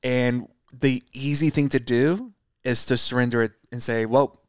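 Earnest guy chatting thoughtfully, smooth clear voice, dry close sound. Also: mid-range voice, steady tone, normal speed, no echo. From American South. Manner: earnest, thoughtful, circles back to rephrase. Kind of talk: casual reflective conversation.

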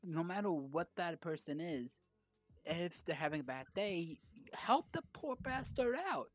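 A man's voice: on the high side, animated, unhurried, no echo, soft background music. A young man co-hosting a podcast, talking bluntly and emphatically in casual chat. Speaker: podcast co-host. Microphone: studio podcast mic.

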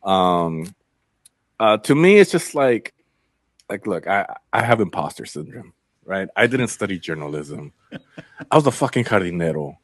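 A man with a fairly low voice talks as a guest on a podcast, telling stories candidly in a loose, rambling way. He swears freely and leans on fillers. The sound is close and dry, with almost no room around it. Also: sing-song, measured pace, long pauses, no room sound. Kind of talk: casual conversation.

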